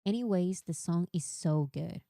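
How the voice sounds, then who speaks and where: A woman's voice: lowish voice, normal speed, gravelly, no room sound, clean studio sound. Chatty woman streaming fan commentary. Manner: chatty, animated, reads quotes aloud. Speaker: live streamer.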